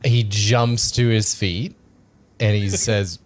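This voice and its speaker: A man narrating as game master, halting with many fillers. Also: lowish voice, fairly even intonation. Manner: halting, filler-heavy, laughing.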